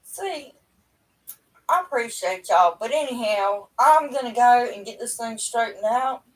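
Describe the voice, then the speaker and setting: A middle-aged woman with a drawl, talking in a chatty, rambling, folksy way with a fairly high voice. She sits at home talking into a webcam, and her voice sounds a little far from the mic. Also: expressive, a little slow. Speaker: livestream host. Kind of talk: casual chat to viewers. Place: at home indoors.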